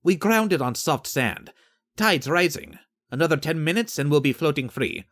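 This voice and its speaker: A man reading an audiobook, voicing a relaxed, knowledgeable male boat crewman in a higher, breezy, matter-of-fact voice. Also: normal speed.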